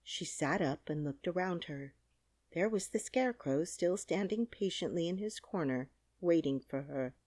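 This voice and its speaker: Husky-voiced woman reading a storybook. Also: on the low side, animated, moderate pace, darkish tone, dry recording, studio quality. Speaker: audiobook narrator. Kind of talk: scripted audiobook narration.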